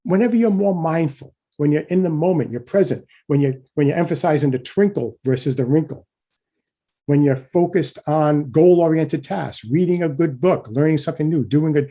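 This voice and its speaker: A middle-aged man delivers a keynote lecture in a relaxed, conversational manner, tossing in "right?" to check on his listeners and restarting phrases as he thinks. His voice is mellow and a little husky. He gets animated when acting out everyday examples. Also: a little high, normal speed.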